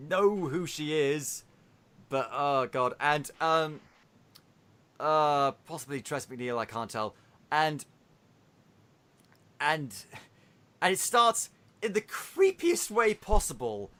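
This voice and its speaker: A man hosting a podcast, retelling a film in a casual, animated way with swearing. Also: fairly high pitch, takes it slowly, long pauses. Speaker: podcast host.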